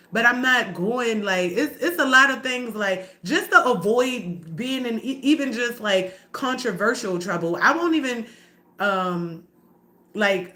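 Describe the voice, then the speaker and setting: A woman's voice: medium pitch, pushed and bright. A middle-aged woman livestreaming to her viewers, talking candidly and emotionally in a rambling, slangy, profane way. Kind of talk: casual livestream talk to viewers.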